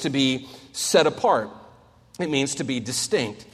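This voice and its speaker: A man in his forties preaching a sermon as a pastor, earnest and storytelling, swinging between loud and soft. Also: medium pitch, lively intonation, measured pace, husky. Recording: long hall reverb.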